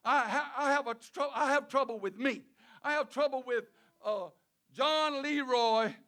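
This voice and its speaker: A male preacher delivering a sermon in a halting way, often repeating words and restarting, with chuckles between phrases. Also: very high-pitched, bright, forceful tone.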